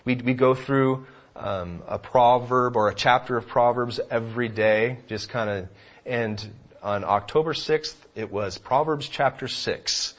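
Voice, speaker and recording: A man preaching a sermon, emphatic, swinging between loud passages and hushed ones, on a dull lo-fi recording. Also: medium pitch, unhurried. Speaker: pastor.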